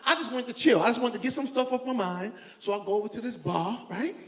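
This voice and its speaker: A man from New York doing stand-up comedy, telling stories loudly and animatedly. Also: very high voice, quick pace. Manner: loud, animated storytelling, laughing along. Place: comedy venue with a live audience. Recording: echoey room with faint ambience.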